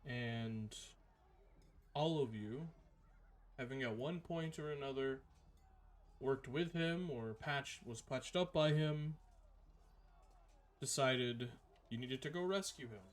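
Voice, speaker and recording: A man running a tabletop game as game master, recapping the last session in a measured, halting way with fillers. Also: mid-range voice.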